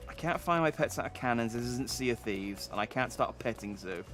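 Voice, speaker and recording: A man's voice: mid-range voice, animated, brisk, over music. Wry man rambling through a game. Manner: rambling, wry, sardonic asides. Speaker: streamer. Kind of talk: gaming stream commentary.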